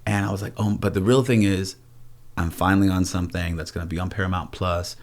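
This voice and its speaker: A man's voice: sits low, steady tone, fast talker. A man in his forties, an actor as guest, talking in a laid-back, frank way in a casual conversation. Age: 40s.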